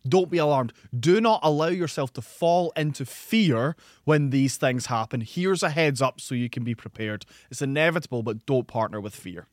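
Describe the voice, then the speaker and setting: A man's voice: mid-range voice, expressive, moderate pace, hardly any pauses, no echo, clean studio sound. A man with a Glaswegian accent, co-hosting a podcast with brief, agreeable remarks. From Scotland. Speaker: podcast co-host. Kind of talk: conversational podcast chat.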